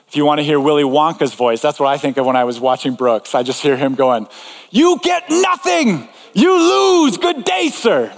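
Man, preaching, conversational, slightly high voice, long echo of a big hall. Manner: conversational, with frequent asides and filler words. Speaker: pastor. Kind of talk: sermon. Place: large room before an audience. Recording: long reverb in a large hall.

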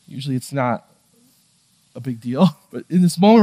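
A man preaching a sermon in a conversational way, moving between hushed, quiet passages and raised, emphatic ones. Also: a little high, lively intonation, a little fast. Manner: conversational, with fillers and asides. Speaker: pastor.

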